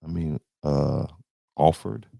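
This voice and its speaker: A man's voice: extremely low pitch, slow, creaky, dark tone, no room sound, studio quality. A man hosting a podcast in casual commentary, taunting and mocking a viewer with repeated jabs. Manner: taunting, trash-talking a viewer. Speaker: podcast host.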